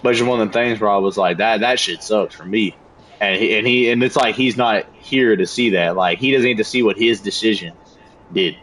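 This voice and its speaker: A young man streaming a game, telling a story in a casual, animated rant full of slang and cursing. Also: lowish voice, fairly quick, rough recording. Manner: animated, profane, slangy ranting. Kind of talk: casual storytelling while gaming.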